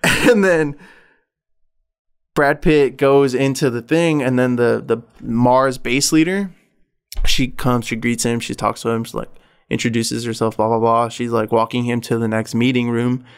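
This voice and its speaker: A man's voice: medium pitch, steady tone, measured pace, smooth. A man hosting a podcast in casual chat, retelling a story in a rambling, profane way filled with "like". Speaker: podcast host.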